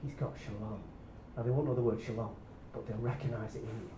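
A man preaching a sermon, swinging between loud excited bursts and quiet hushed lines. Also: lowish voice, quick pace, recorded from a distance, slight background noise. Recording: echoey room, speaker away from the mic.

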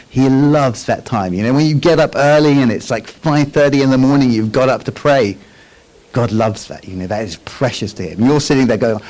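A man's voice: medium pitch, normal speed, darkish tone, poor audio. A man giving a conversational Bible teaching with slides, often checking in with listeners and restarting his phrases. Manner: chatty, frequent tag questions and restarts.

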